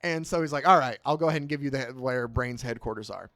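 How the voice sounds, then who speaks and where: A man's voice: medium pitch, fast talker, a bit bright, no echo. A man co-hosting a podcast, casually retelling a comic and acting out its lines. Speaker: podcast co-host.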